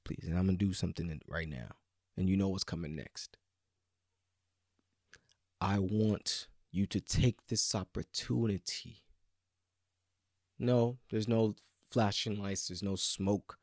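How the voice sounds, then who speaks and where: A man preaching a sermon with passion, swinging between loud pleading and hushed whispers. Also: fairly low pitch, vocal fry, no echo, studio quality.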